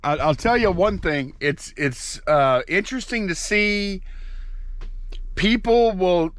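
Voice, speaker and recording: A man's voice: high voice, slow, a bit bright, dry recording. A man chatting casually and rambling while packing orders as co-host of a reselling channel. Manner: rambling, self-interrupting, folksy.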